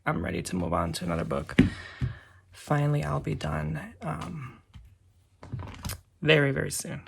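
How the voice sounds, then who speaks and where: A man chatting casually to camera as a vlogger in his garage, full of fillers, dropping to soft whispers and rising to loud excitement. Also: on the high side, a little slow, gravelly, pauses often, heavy background noise. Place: home garage by a car.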